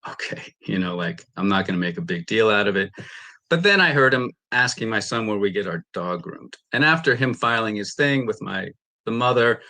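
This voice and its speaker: A man's voice: lowish voice, pushed and bright. A man testifying in a courtroom, emphatically recounting a dispute and re-enacting the exchanges.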